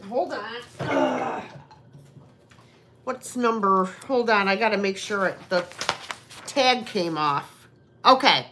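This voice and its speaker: Slow, lively-voiced woman running a sale. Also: on the high side, slight background noise. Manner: chatty, rambling, self-deprecating asides. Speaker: host of a live online sale. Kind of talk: casual live-stream selling chat.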